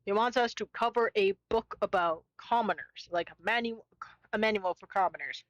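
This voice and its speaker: A young woman streamer talks casually as she plays. Her voice sits at an everyday middle pitch, and she sounds chatty and playful. She drifts between comments on the game and small talk with her co-host. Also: moderate pace, dry recording, dull audio.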